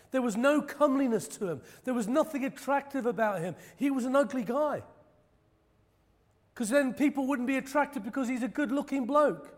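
High-voiced preacher in an echoing hall. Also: male voice. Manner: impassioned, rising to loud emphatic preaching; self-deprecating, joking asides. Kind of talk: sermon with prayer and personal testimony.

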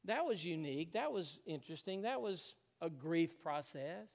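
Pastor in a hall. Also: male voice, fairly high pitch, very animated, moderate pace, gravelly. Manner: storytelling, emotional, laughs often. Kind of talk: sermon.

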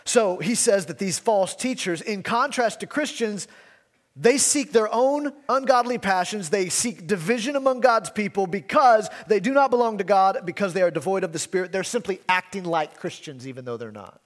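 A man's voice: high voice, lively intonation, moderate pace, big-room sound. A man preaching a sermon as pastor, emphatic, asking rhetorical questions and repeating key phrases.

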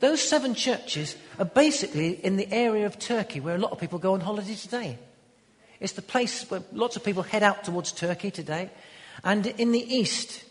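A man preaching a sermon in an emphatic manner, building to loud declarations. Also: sits high. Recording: long hall reverb.

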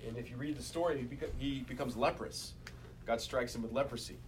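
A man's voice: medium pitch, fairly quick, background noise. A man preaching a sermon as pastor, talking casually and acting out the quoted voices of the people he describes. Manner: conversational, acts out quoted voices.

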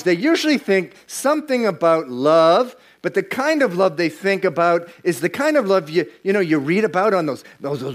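A middle-aged man preaching a sermon as pastor, emphatic and repeating himself as he builds his points. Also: high voice. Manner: emphatic, repeats words and restarts lines while preaching.

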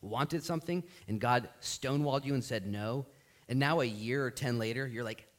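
A man preaching a sermon as pastor of a church, telling the story with lively acted-out voices. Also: medium pitch, normal speed.

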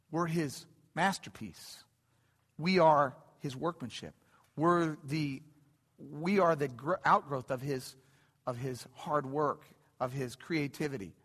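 A middle-aged man preaching a sermon in a church, animated and building to excited peaks, often repeating phrases. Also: fairly high pitch. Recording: long hall reverb.

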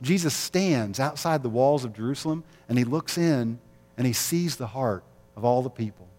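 A man's voice: mid-range voice, lively intonation, moderate pace, a little mellow, in a large hall. A man preaching an Easter sermon as pastor, conversational, with rhetorical questions and light jokes.

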